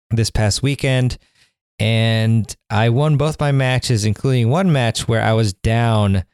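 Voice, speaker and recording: A podcast host opens with a casual, conversational intro and interview, rambling enthusiastically with plenty of fillers and restarts. His voice is on the low side and smooth, recorded with studio quality and no echo.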